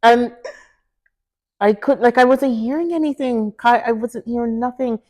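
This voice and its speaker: A woman telling her own story as a guest in a conversation, animated and acting out the people she quotes. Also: a little high, normal speed. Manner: animated, acts out quoted voices, laughs often. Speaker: interview guest.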